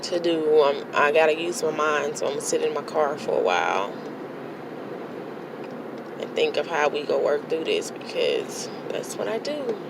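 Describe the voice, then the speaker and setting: A woman with a gravelly, creaky edge to her voice talks straight to the camera in a casual vlog, blunt and determined. She is psyching herself up. Clear noise hums behind her. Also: deep voice, lively intonation, moderate pace. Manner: blunt, self-motivating, working herself up. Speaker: vlogger.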